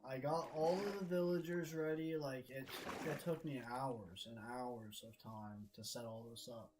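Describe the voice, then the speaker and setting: A man's voice: mid-range voice, a little slow, background noise. A young man streaming a game, telling a frustrated story in a casual, swear-heavy rant. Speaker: gaming streamer. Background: background music.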